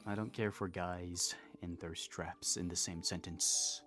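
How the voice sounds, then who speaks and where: A man's voice: deep voice, steady tone, measured pace, fairly bright tone, soft background music. A man co-streaming in casual, laughing, self-deprecating banter. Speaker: co-streamer and moderator. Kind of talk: casual live-stream chat.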